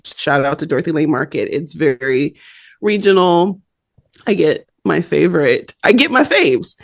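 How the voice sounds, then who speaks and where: A woman co-hosting a podcast, telling a story in a lively, animated way and laughing often. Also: deep voice, normal speed, vocal fry, no room sound, clean studio sound. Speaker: podcast co-host. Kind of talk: casual chat.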